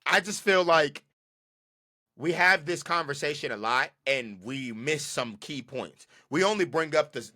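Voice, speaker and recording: A man's voice: on the high side, lively intonation, a little slow, bright, forceful tone. A man hosting a podcast, ranting about football in an emphatic, slangy way and repeating his points. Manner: slangy and casual. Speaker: podcast host. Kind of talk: solo football commentary.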